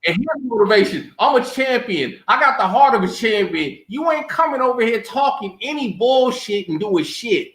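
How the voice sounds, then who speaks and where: A man's voice: very high voice, expressive, normal speed, few pauses, a bit bright, reverberant. A man co-hosting a live gaming talk show, talking trash in a profane, emphatic way. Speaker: show co-host. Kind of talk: trash-talking casual chat.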